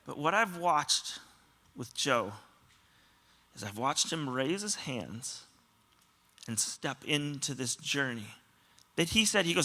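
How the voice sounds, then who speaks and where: A man's voice: on the high side, big pitch swings, slow pace, pauses often, pushed and bright. A man pastor giving a sermon, telling stories earnestly and often quoting other people. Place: church auditorium.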